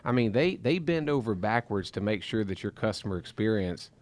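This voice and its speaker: A man co-hosting a podcast speaks in a fairly low voice. He tells anecdotes in a casual way and sometimes restarts his sentences. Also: lively intonation, a little fast, a little mellow. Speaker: podcast co-host.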